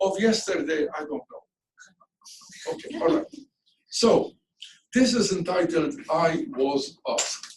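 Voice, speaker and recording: Older guy from malta lecturing, high voice, echoey room, mic kinda far. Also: expressive, unhurried, long pauses, slight background noise. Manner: lecturing, asks the audience questions. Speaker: speaker reading his poem. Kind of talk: academic talk and discussion.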